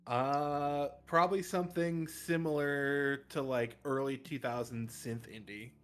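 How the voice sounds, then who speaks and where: A man's voice: mid-range voice, steady tone, unhurried, a bit bright, smooth. A man speaking as a player in a tabletop game, laid-back and hesitant, with lots of filler. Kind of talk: tabletop role-play chat.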